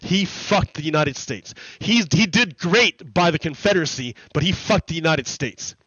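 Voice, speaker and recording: A man's voice: a little high, expressive, normal speed, bright, forceful tone, breathy edge, no room sound, highs cut off. A man hosting a livestream, ranting heatedly in profane, repetitive commentary. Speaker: livestream host. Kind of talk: ranting commentary during a gaming stream. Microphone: streaming desk mic.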